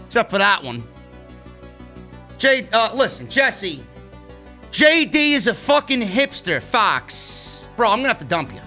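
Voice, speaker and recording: New guy ranting on a stream, loud bright voice, swings all over, swears a ton, faint music behind. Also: sits high, very animated, measured pace, pauses often. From New York. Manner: profane, ranting, brash. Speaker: wrestling show reviewer, podcast host. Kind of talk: livestream rant, casual chat.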